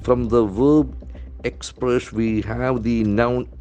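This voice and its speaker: A man's voice: medium pitch, fairly even intonation, takes it slowly, mellow, highs cut off. Man spelling out words. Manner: spells words letter by letter and repeats them. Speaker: English trainer. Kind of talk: newspaper vocabulary lesson.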